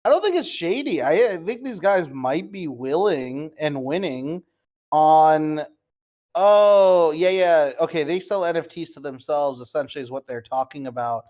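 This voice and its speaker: In a slightly high, animated, a little mellow voice, a young man speaks a little slowly as he goes through wallets on a crypto stream. His live screen-share commentary is casual and incredulous, with swearing and frequent "guys" aimed at viewers.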